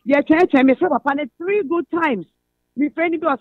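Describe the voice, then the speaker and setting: A woman's voice: high-pitched, a little slow, no echo. Ghanaian woman caller on a tinny phone. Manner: earnest, recounting family troubles at length. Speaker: radio caller. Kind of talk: phone-in personal story, code-switching. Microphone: telephone. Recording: tinny phone line, dry.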